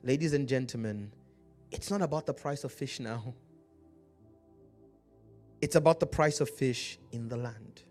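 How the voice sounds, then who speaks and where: A man with an African accent preaching a sermon, slowing down to read scripture aloud and calling out to his congregation. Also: medium pitch, darkish tone, soft background music. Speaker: pastor.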